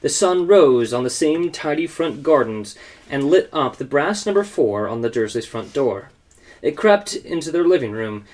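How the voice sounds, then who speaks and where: A man, a teacher, reading a children's book aloud in a lively, expressive way. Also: mid-range voice.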